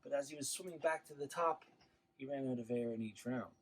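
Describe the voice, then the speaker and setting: A man telling a traditional legend to schoolchildren in an animated, expressive way. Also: medium pitch, a little fast, poor audio. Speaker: storyteller.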